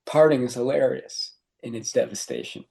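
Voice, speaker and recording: A man co-hosting a podcast, talking over a short story in a relaxed chat and laughing often as he goes. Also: medium pitch, normal speed, vocal fry. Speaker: podcast co-host. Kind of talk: casual literary discussion.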